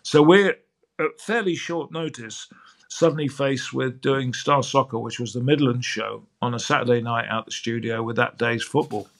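A man's voice: medium pitch, moderate pace. An older man, a sports broadcaster, telling anecdotes as a guest on a podcast interview. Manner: lively, acts out quoted dialogue.

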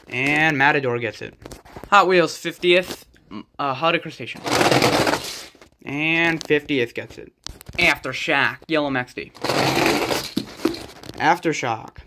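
A man giving quick, excitable play-by-play commentary of toy truck races on a rug at home. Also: fairly high pitch. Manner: quick excitable race calls with sudden exclamations. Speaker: race commentator and organizer. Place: indoors at home on a rug floor. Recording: loud background noise with clicks.

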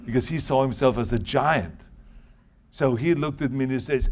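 A man with a German accent telling stories in an interview, talking quickly and often restarting his sentences. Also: mid-range voice. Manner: tumbling words, frequent restarts. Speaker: interview guest. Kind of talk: anecdotal interview answers.

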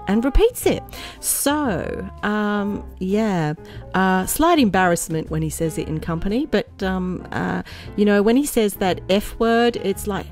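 A woman's voice: fairly low pitch, darkish tone. A middle-aged woman vlogger chatting casually in a rambling, playful way and laughing often at her own jokes.

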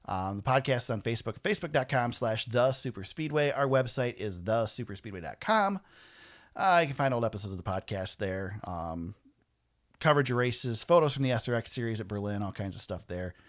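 A man hosts a racing podcast in loose, casual chat. He rambles, airs strong opinions and laughs often. His voice sits at an ordinary middle pitch. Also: lively intonation, fairly quick. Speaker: podcast host.

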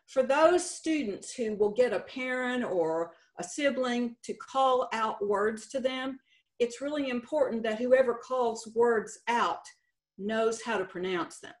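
A middle-aged woman from Texas, with a Texan accent, gives a folksy conference presentation sprinkled with light humor as a state contest director. Her voice is on the high side and a little slow.

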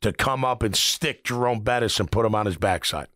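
Dry-sounding former-player radio host. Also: male voice, lowish voice, fairly quick, no echo. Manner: storytelling, laughs often, animated. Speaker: sports radio host, former NFL linebacker. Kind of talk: casual sports talk.

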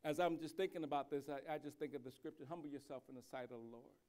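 A male pastor with a fairly high voice preaching a sermon. He drops to soft, reflective stretches, then builds to loud, slow, emphatic declarations, often stumbling and repeating words as he goes. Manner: frequent restarts and repeated words.

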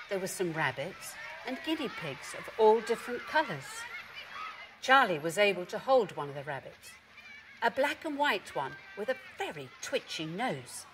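A woman gently reading a children's story aloud. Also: medium pitch, slight background noise.

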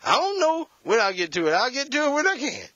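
A preacher voicing a sullen, evasive wife who shrugs off every question, heard on a dull, slightly lo-fi recording. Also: male voice, extremely high pitch, wildly swooping pitch, brisk, sharp tone, no echo, pitched above the performer's own voice, exaggerated voice. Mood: whiny evasive. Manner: whiny, shrugging refusal.

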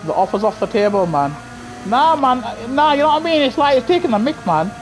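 A man's voice: very high-pitched, very animated, fairly quick, faint music behind. A man streaming a racing game live, chatting to viewers casually in slang and repeating himself. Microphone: gaming headset.

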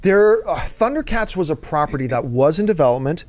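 A man's voice: a little high, animated, a little fast, no room sound. A man hosting a casual chat about movies, talking as an eager fan who rambles and drifts into asides. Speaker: show host answering viewer mail.

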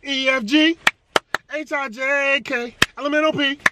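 A man's voice: very high-pitched, fairly even intonation, a little slow, very noisy. A man playing an upbeat gym manager lady. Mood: salesy. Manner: salesy, cheerful.

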